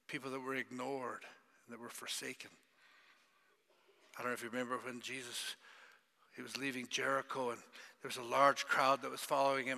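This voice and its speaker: A man preaching a sermon, dramatic, swinging between loud cries and hushed whispers. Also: mid-range voice, vocal fry. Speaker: pastor. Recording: long reverb of a large hall.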